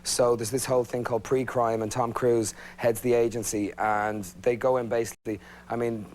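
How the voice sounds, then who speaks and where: A man with a Dublin Irish accent, a guest chatting on a talk show and telling quick joking stories. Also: medium pitch, level tone, darkish tone, slight background noise. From Ireland. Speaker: guest actor. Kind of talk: casual talk-show chat.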